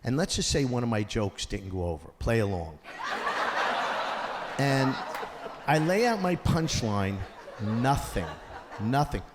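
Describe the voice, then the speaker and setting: A man doing a stand-up comedy set on a theater stage, acting out characters and shouting his punchlines. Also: medium pitch, sing-song, measured pace, pauses often. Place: theater stage before a live audience. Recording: roomy hall sound with audience noise. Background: audience laughter.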